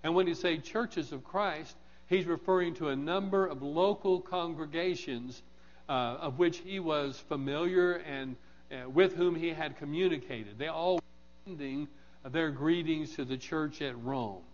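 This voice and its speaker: A man preaching a morning sermon, measured and deliberate, repeating key phrases with emphasis. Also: on the high side. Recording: dull sound in a reverberant hall.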